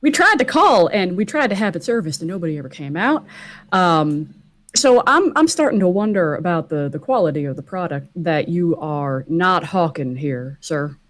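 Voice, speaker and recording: A woman's voice: deep voice, lively intonation, normal speed. A woman voicing a polite, folksy man who speaks with a courteous drawl in a tabletop game. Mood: wary, polite.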